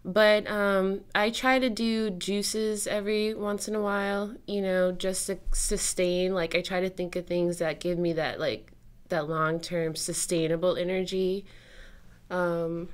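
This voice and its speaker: Chatty young woman guest, low-pitched. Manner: chatty, loose, many "like" fillers. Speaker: guest musician. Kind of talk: casual interview chat.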